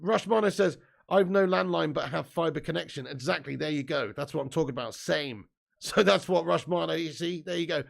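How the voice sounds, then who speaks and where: Bloke doing a footy watch-along stream, kinda high voice, loose and sweary, reading chat out. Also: male voice, a little fast, gravelly. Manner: casual, swears freely, reads viewer comments aloud. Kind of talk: live football commentary and chat reading.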